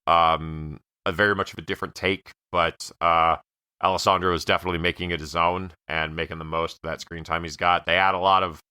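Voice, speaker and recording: A man with a very deep but bright and crisp voice gives his take on a film in a relaxed podcast chat. His speech is full of fillers, and it sounds dry and close to the mic. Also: no room sound. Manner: filler-heavy, measured. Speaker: podcast co-host. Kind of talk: casual movie review chat.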